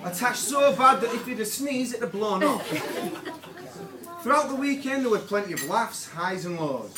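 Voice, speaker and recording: A man's voice: sits high, expressive, moderate pace. A young man giving a best man speech at a wedding, joking and a little nervous. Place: wedding reception room with guests. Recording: roomy hall from far off, loud crowd.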